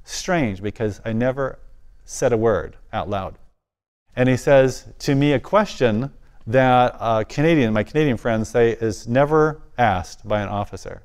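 Man, guest speaker telling a faith story, animated, mid-range pitch, drops to a hush for the quiet parts. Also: a little slow, smooth. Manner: animated, drops his voice low for quiet moments. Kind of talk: personal testimony storytelling.

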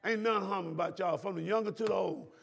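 A man preaching a sermon as pastor, repeating lines and breaking into shouts at the congregation. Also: high voice, fast, creaky, slightly rough. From Southern United States.

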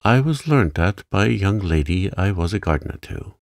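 A man's voice: low-pitched, animated, normal speed, dry recording, studio quality. A man doing a grumbling old gardener. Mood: grudging. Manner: grumbling, curt, dialect speech. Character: gruff old male Yorkshire gardener, grumbling.

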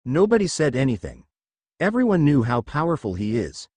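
A male narrator reads an adventure fan fiction aloud. His pitch rises and falls freely as he tells it. The sound is close and dry, with no room echo. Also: very animated, normal speed, darkish tone, breathy edge.

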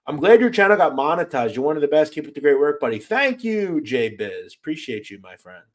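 American male livestream host, casual and profane, very animated delivery. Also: fairly high pitch, a little fast. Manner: blunt, swears freely, animated and exasperated. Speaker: host reading live chat.

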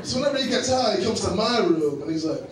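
A young man performing a stand-up comedy set in a club, animated and acting out characters. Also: high-pitched, quick pace. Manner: animated, acts out characters in raised voices. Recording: echoey club sound from a distant mic with loud crowd noise. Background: audience laughter.

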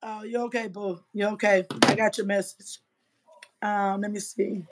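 A woman's voice: medium pitch, flat delivery, moderate pace. A woman in her fifties on a livestream, delivering a combative, profane rant into a phone mic. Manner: profane, combative, trash-talking.

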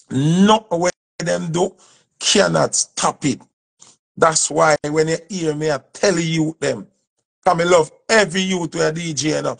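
A man's voice: on the high side, vocal fry, breathy edge. A Jamaican man from the dancehall scene, giving an emphatic, preachy speech and repeating his points. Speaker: dancehall artist. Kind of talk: impassioned speech to camera.

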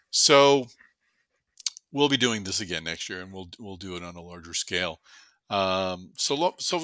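A man's voice: on the low side, fairly bright tone, dry recording. A man with a Boston accent hosting a podcast in an upbeat, casual way, with plenty of fillers. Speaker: podcast host.

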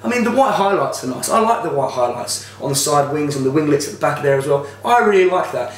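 A man's voice: a little high, expressive, fast, distant mic. A man giving a casual, opinionated motorsport video commentary, talking in a rambling way with frequent restarts. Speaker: motorsport vlogger. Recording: echoey room.

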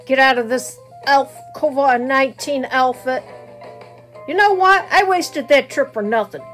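A woman's voice: high voice, fairly bright tone. A woman voicing a grumpy man who complains dramatically about running out of his favorite soda, in a homemade skit. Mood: sulky.

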